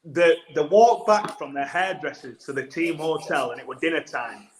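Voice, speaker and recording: A man's voice: a little high, expressive, moderate pace. Man telling a rambling yarn. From England. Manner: rambling anecdotal storytelling with restarts. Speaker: rugby player guest. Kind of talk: casual podcast chat. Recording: echoey room.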